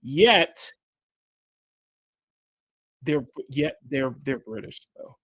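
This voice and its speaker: Male stream host, loose rambling chat while drawing, slightly high and very animated, dry sound. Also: drawn-out words, long pauses, husky, no echo. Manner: rambling, restarts phrases, laughs often. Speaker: livestream host.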